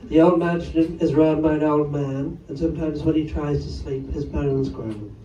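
A man's voice: a little high, normal speed, dark tone, dull audio, slight background noise. A man doing a stand-up set on a comedy club stage, chatting wryly with the crowd between jokes. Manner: rambling, wry, chatty with the audience. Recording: roomy live club sound from far off. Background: audience laughter.

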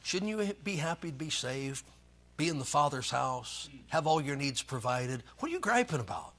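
A man's voice: on the high side, very animated, normal speed, a bit bright. A man preaching a sermon as pastor, reading scripture and joking in a folksy way.

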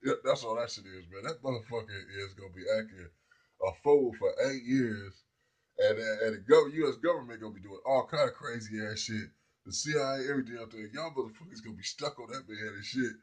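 A man's voice: on the low side, a little fast, slightly rough. A man delivering a rambling, profane comedic rant to his viewers. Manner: profane, rambling, laughs at people. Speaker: vlogger.

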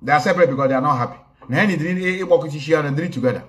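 A man's voice: fairly high pitch, racing, fairly bright tone. Man hosting a casual livestream, chatty and mixing languages. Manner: code-switching, greets viewers by name. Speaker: online activist commentator. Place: indoors, recorded in a home in a city.

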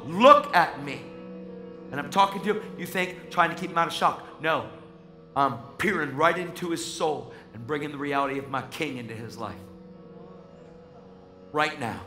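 A man's voice: a little high, sharp tone. A man preaching a sermon with passionate, emphatic delivery, often calling the listener "man". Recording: echoey hall, faint music.

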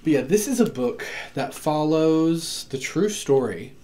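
A man chatting casually on camera about books he bought, excitable, with lots of fillers and asides, recorded at home. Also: a little high, a little slow. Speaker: book vlogger. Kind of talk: casual book haul chat. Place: home room.

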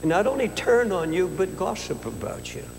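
A man's voice: high voice, sing-song, moderate pace, vocal fry. An older man in his seventies preaching a sermon at a conference, telling a personal story in an earnest way, stammering and restarting at times. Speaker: pastor. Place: large conference hall. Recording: echoey hall with faint hum.

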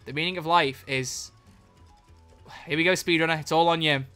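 A streamer giving excitable live commentary on a drawing game, swearing freely and breaking into loud laughter. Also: mid-range voice, normal speed, faint music behind.

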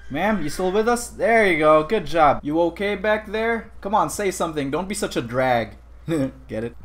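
A man's voice: on the high side, expressive, moderate pace. Goofy, yelping young man gamer. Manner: jokey, bursts into loud yelps. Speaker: gaming video host. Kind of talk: comedic gameplay commentary.

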